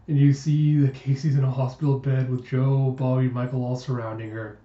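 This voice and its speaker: A man's voice: mid-range voice, flat delivery, fairly quick, few pauses, warm tone, echoey room, lo-fi sound. A man narrating a comic book readthrough, reading the characters' dialogue aloud between chatty asides, sighs and groans.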